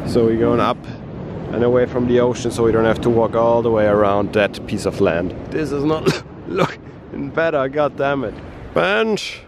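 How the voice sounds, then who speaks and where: A man talking in a monotone, feeling unwell, narrating a casual travel vlog outdoors on a coastal trail. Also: mid-range voice, normal speed. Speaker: travel vlogger. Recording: outdoor noise behind the voice.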